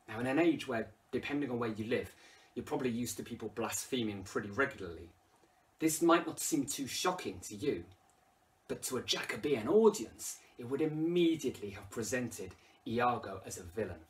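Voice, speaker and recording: A man's voice: medium pitch, moderate pace, recorded from a distance. A man with an English accent explaining a play, reading quoted lines aloud with dramatic emphasis. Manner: expressive, rises loudly when quoting lines. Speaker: English literature teacher. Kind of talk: lesson commentary with dramatic readings.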